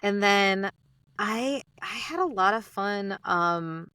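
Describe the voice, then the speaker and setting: A woman with an American accent, chatting casually as an interview guest about her sleep podcast, animated and quoting her own thoughts. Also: mid-range voice, slow pace, smooth, no room sound. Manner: chatty, animated, quotes herself.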